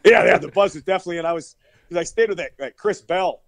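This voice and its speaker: A middle-aged powerlifter guesting on a podcast, telling rowdy, profane stories and laughing often over a remote call that breaks up. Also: male voice, high-pitched, fast, vocal fry, no echo. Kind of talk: casual storytelling.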